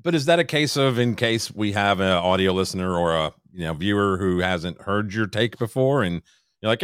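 Blunt, sarcastic podcast co-host. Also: male voice, fairly low pitch, expressive, normal speed, fairly bright tone, clear, resonant tone, no room sound, studio quality. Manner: blunt, sarcastic, swears casually. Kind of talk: casual argumentative podcast banter.

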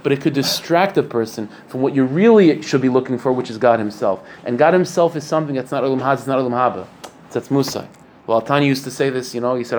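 A man teaches a Torah class in an earnest, explanatory way, asking rhetorical questions and filling pauses with frequent fillers. His voice sits at a middle pitch. A faint hiss of noise runs underneath. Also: a little mellow. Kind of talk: Torah lecture.

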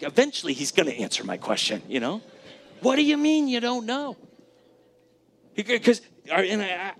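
A man's voice: high voice, a bit bright, slight background noise. A man in his thirties preaching a sermon in church, conversational and emphatic, often asking the congregation questions. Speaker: pastor. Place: church sanctuary.

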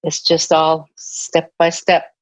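An older woman, once an army nurse, shares her life story in an interview, slow and completely flat in delivery, her voice sitting low. She's earnest and reflective with soft laughs here and there, and the sound is dull lo-fi.

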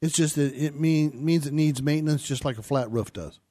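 A man's voice: on the high side, fairly quick, mellow. A man from Arizona co-hosting a radio show as a home inspector, plainly explaining technical details with dry humor. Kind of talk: casual radio talk.

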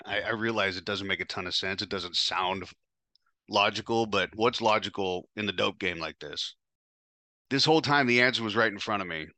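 A man's voice: fairly low pitch, normal speed, bright, forceful tone, dry recording. Blunt, profane man telling his story. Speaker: podcast host. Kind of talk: first-person storytelling.

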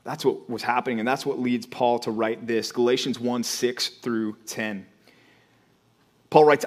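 A man's voice: medium pitch, fairly even intonation, measured pace. A male pastor preaching a sermon in a conversational, emphatic way, often repeating words as he builds a point.

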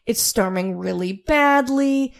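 A woman's voice: a little high, slow, gravelly. A woman co-hosting a podcast, casually recapping an episode with sarcastic asides and easy laughter.

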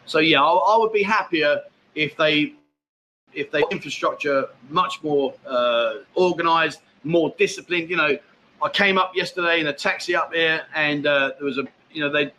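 Bright, chatty English man on a livestream. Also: a little high, slight background noise. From England. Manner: chatty and blunt, calls viewers mate. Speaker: livestream host. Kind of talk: casual livestream chat answering viewer comments. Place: expat home in Thailand.

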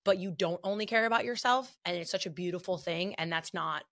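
A woman's voice: fairly low pitch, a little fast, fairly bright tone. Chatty, gushing woman podcast host. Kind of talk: casual podcast chat.

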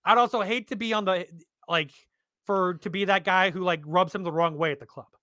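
Man, high voice, bright and sharp, dry close sound, blunt sports chat. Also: fairly quick, no echo. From Canada. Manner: animated, blunt, swears freely. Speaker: podcast co-host.

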